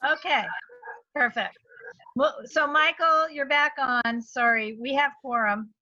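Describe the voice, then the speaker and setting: A woman chairing an online meeting, brisk and joking, on a dull video call line. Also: sits high, sharp tone, no echo.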